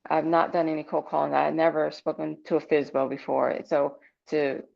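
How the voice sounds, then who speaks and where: A woman's voice: low voice, little pitch movement, a little fast, vocal fry. A woman, a new real estate agent in training, speaking earnestly and with determination on a group video call. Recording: dull lo-fi call audio.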